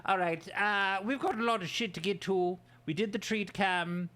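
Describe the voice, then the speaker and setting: A man's voice: high voice, moderate pace, sharp tone. A man casually chatting with his livestream audience in a goofy, playful way. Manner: goofy, playful banter with chat. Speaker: streamer.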